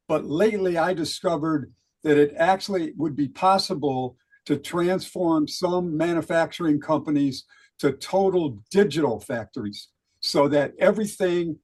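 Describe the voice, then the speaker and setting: A man giving an earnest networking pitch about his business, pausing on a few words. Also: low-quality recording. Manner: earnest, hesitant, some restarts. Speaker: business owner.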